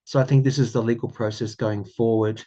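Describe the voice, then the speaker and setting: A man with an Australian accent giving a casual tarot reading, musing aloud and often repeating his phrases with ums and soft laughs. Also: medium pitch, fairly even intonation, a little fast, low-quality recording. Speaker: tarot reader.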